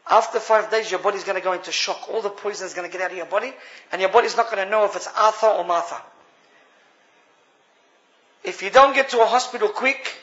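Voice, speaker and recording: The recording is dull and lo-fi: a man with an Australian accent and a high, sharp voice earnestly testifies about his own life to a gathering, addressing everyone as brothers.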